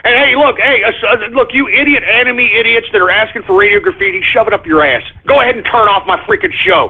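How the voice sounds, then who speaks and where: A man's voice: high voice, quick pace, hardly any pauses, breathy edge. A man hosting a talk radio show, ranting in an abrasive, confrontational way. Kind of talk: call-in radio rant. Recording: tinny phone-like lo-fi audio.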